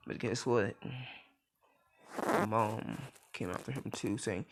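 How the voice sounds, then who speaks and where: A man's voice: on the low side, takes it slowly, long pauses, slight background noise. A young man improvising a fan story in casual chat, rambling with lots of fillers and restarts.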